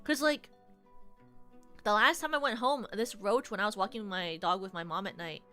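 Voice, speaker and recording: A young woman streamer telling stories casually to her chat, animated, with lots of "like", shrieking when she relives the scary parts. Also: medium pitch, normal speed, faint music behind.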